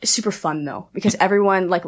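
A young woman chatting casually, telling an animated story full of "like" and acted-out quotes. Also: on the low side, a little hiss or hum. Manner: rapid, animated, heavy use of "like". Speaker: aspiring pro wrestler, guest.

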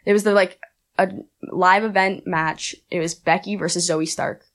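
A young woman, a guest and aspiring wrestler, telling a story in a rapid, animated casual chat full of fillers. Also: lowish voice.

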